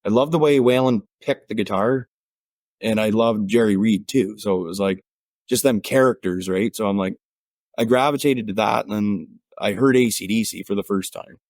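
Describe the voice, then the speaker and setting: A man with an Ottawa Valley country twang, chatting casually as a guest in an interview, relaxed and rambling with fillers and restarts. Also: fairly low pitch, moderate pace, no room sound, studio quality. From Ontario, Canada. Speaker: guest musician.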